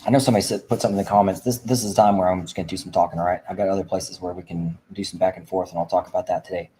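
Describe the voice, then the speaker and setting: A man's voice: low voice, steady tone, racing, dark tone, poor audio. A man hosting a livestream for veterans, preaching fervently and rambling with frequent restarts. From Indiana. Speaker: veteran advocate host. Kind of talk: livestream talk.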